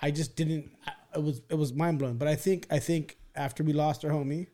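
A man's voice: a little high, steady tone, brisk, mellow. Slangy profane podcast host, man. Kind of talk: casual podcast chat.

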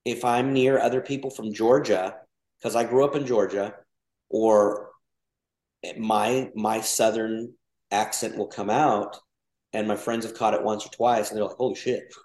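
A man's voice: lowish voice, steady tone, measured pace, darkish tone. Rambling man in a roomy echo. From Mexico. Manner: rambling, many restarts and fillers. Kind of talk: casual podcast conversation.

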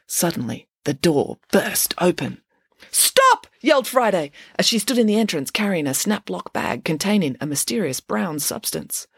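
A woman reading a children's chapter book aloud in an expressive, lively narration. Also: lowish voice, moderate pace, creaky, few pauses, husky, no room sound, studio quality. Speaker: reader of her own story. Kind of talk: storybook narration.

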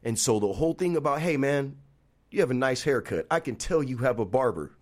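Man, 30s, barbershop owner, podcast guest, lively storyteller who acts out quotes, mid-range voice. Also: medium pitch, a little fast. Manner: animated storyteller acting out quoted dialogue. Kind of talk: casual podcast conversation.

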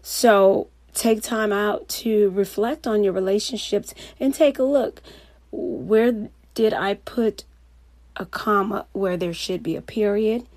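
A woman coach giving a motivational talk, telling stories in a lively, anecdotal way and laughing often. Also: mid-range voice, takes it slowly, dry recording.

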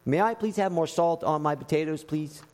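A man's voice: fairly high pitch, normal speed, a little mellow, close to an everyday voice. A man preacher voicing a young male captive who is fussy about the salt on his meal. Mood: pleading. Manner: politely pleading, then snapping impatiently. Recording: echoey hall with long reverb.

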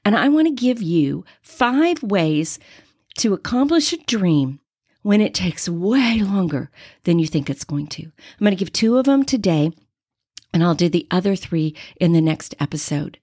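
A woman's voice: lowish voice, measured pace, breathy edge, no room sound, clean studio sound. A woman in her sixties, a podcast host telling personal stories in a faith-based podcast monologue. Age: 60s. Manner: animated personal storytelling.

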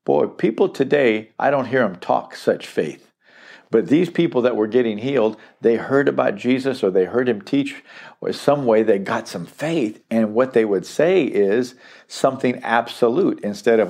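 A man's voice: medium pitch, lively intonation, a little slow, creaky, a little mellow. A middle-aged man teaching through a Bible passage verse by verse, emphatic and repeating key phrases for stress.

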